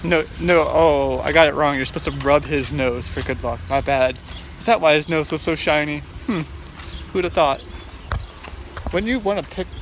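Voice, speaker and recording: A man's voice: a little high, fairly bright tone, slight background noise. A middle-aged man vlogging on a hike, joking and teasing himself in a playful, casual way. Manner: joking, self-mocking, playful. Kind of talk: casual vlog chat. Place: outdoors at a state park.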